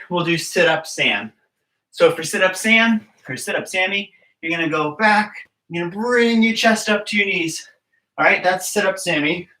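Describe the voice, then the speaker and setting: Bright, upbeat coach in an echoey room. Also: male voice, high-pitched, far from the mic. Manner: upbeat, coaxing, checks in with "all right?". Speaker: gymnastics coach. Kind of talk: online kids' exercise class. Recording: echoey room, away from the mic.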